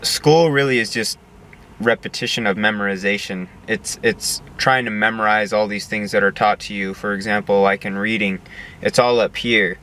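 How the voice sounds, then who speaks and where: A man's voice: lowish voice, fairly even intonation, normal speed, fairly bright tone, a little hiss or hum. A young man giving an earnest casual monologue, often repeating words as he searches for them. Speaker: video essayist.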